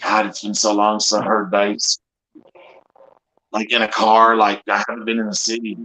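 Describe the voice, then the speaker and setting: A man's voice: on the low side, monotone, moderate pace, pushed and bright, rough recording. A man with a Southern accent chatting casually on a group livestream, rambling and folksy, swearing freely.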